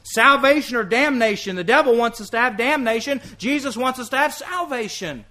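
A man's voice: very high voice, moderate pace, bright, forceful tone. A man preaching a sermon as a visiting preacher, earnest and emphatic, repeating his key points.

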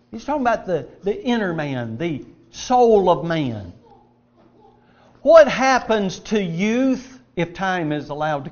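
A middle-aged man preaching an emphatic, earnest sermon, reading scripture aloud. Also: fairly high pitch. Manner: earnest, emphatic preaching with varied loudness and pace. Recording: dull lo-fi sound.

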